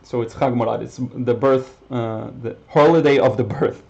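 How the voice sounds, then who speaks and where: A man with a mid-pitched voice teaches watercolor on a live stream and reads out viewer comments as he works. He talks in a loose, friendly way, full of "um"s and small laughs. The sound is a bit dull and lo-fi. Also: moderate pace, gravelly. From Israel. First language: Hebrew. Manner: relaxed and chatty, many fillers, short laughs. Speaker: watercolor painting instructor. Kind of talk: live-stream painting demo, reading chat.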